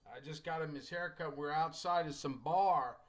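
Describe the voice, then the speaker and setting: A man's voice: fairly high pitch, normal speed. A middle-aged man teaching a writing class, telling casual anecdotes and acting out the dialogue in them. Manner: folksy storyteller, acts out quoted dialogue, joking asides.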